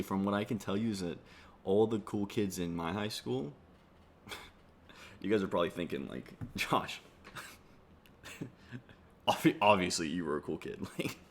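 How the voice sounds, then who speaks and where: A man's voice: deep voice, gravelly. A young man giving rambling, sarcastic comedy commentary and swearing freely. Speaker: comedy YouTuber.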